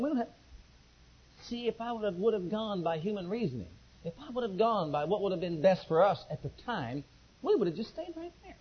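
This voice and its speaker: A male pastor preaches with a high, husky voice that leaps up and down as he tells his own story. He acts out every exchange in the tale with animated emphasis. The recording sounds dull and lo-fi. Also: a little fast. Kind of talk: sermon with personal testimony.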